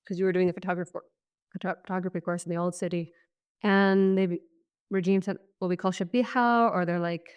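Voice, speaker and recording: Smooth-voiced woman recalling her story. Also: fairly low pitch. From Syria. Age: 30s. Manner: reflective, casual, many fillers. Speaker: guest. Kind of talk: personal testimony in conversation.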